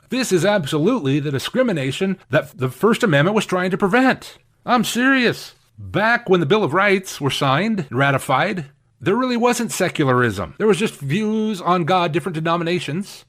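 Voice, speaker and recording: A man's voice: a little high, a bit bright. A man preaching a sermon, emphatic and repeating key phrases for stress. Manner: acts out quoted speakers in shifted voices. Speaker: pastor.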